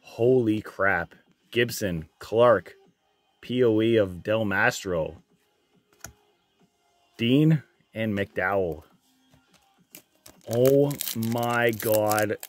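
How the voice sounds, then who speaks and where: A man opening trading card packs on his channel, reading out each card and getting loudly excited and swearing at the big pulls. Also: fairly low pitch, extremely slow, long pauses, soft background music. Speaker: card breaker. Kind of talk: casual card-opening vlog.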